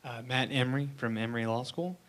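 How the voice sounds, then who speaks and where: A man's voice: mid-range voice, quick pace, a bit bright. Man asking a question from the audience.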